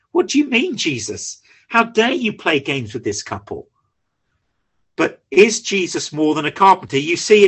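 Husky, animated male preacher. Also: on the high side. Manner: animated, repeats words while building points. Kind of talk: expository sermon.

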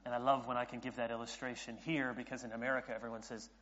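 A man's voice: mid-range voice, level tone, rapid-fire, a bit bright, slight background noise. A man in his late thirties preaching a sermon as a pastor, earnest, often restarting his sentences and building in intensity. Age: late 30s. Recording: dull audio in a reverberant hall.

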